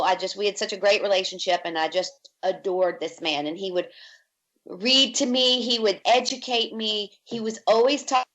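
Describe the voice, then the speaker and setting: A woman's voice: mid-range voice, dull audio. Woman from Virginia telling her story. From Virginia, USA. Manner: lively storyteller who acts out quoted speech. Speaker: podcast guest. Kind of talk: storytelling in an interview.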